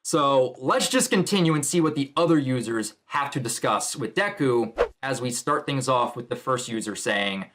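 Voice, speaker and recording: A man talks through a comic chapter in a casual, chatty way, reading lines and describing panels as he goes. His voice sits at an ordinary middle pitch, with a faint hiss of noise underneath. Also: normal speed. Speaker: manga reaction YouTuber.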